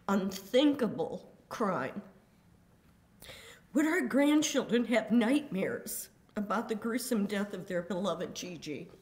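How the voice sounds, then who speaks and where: Older woman, victim's daughter, slow deliberate courtroom statement, mid-pitched voice. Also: darkish tone. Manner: grave and deliberate, measured emphasis. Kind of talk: reading a prepared court statement.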